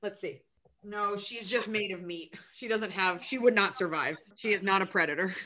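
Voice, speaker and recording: A woman's voice: medium pitch, moderate pace, pushed and bright. A woman actress chatting casually as an interview guest, rambling and self-deprecating with lots of "like".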